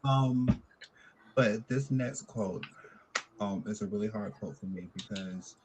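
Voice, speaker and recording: A man, a contestant, telling a personal story in a halting, soft-spoken way with many pauses. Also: fairly low pitch, background noise.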